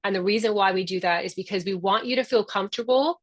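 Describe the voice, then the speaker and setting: Speaking fast in a medium-pitched voice, a woman founder hosts a membership session over video call. It's a casual webinar, and she keeps things chatty, upbeat and encouraging.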